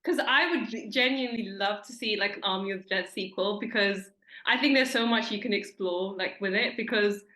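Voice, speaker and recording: Chatty bright-voiced woman host, echoey room. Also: mid-range voice, fairly quick. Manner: chatty, enthusiastic, many fillers and restarts. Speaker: interviewer host. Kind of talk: casual interview.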